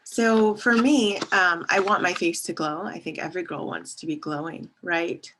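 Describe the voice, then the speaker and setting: Reviewing a face mask, a beauty vlogger in her thirties chats casually, drifts between topics, laughs a lot, and reads the product labels aloud. She speaks at a moderate pace in a steady, lowish voice over a noisy background.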